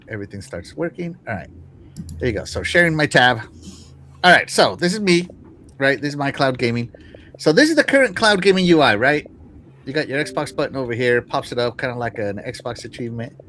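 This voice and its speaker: A man's voice: medium pitch, fairly bright tone, a little hiss or hum. A man hosting a casual live-stream show, talking to his chat with lots of fillers and restarts. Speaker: podcast host.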